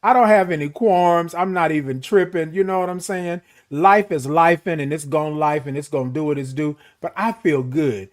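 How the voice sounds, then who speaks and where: A man's voice: a little high, normal speed, few pauses. A middle-aged man hosting a casual morning live stream, greeting viewers, reading their comments and stretching out words playfully.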